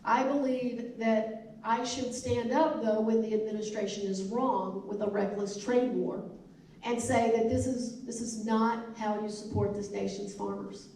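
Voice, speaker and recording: A woman's voice: a little high, steady tone, a little slow, mellow, slight background noise. A woman with a Southern US accent gives a town hall speech as a congresswoman, in an emphatic, repetitive oratorical manner. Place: elementary school hall. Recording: echoey hall from far off.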